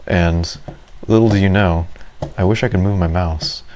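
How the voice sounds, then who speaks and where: A man's voice: low voice, fairly even intonation, a little slow, mellow. A man giving casual, rambling commentary over his own gameplay, self-deprecating and full of fillers. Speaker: gaming video creator.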